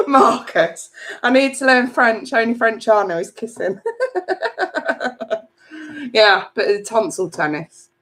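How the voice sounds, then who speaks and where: Unhurried woman, tarot reader chatting live with viewers; giggly, casual swearing. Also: on the high side, fairly bright tone. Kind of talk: live-stream chat reading viewer comments.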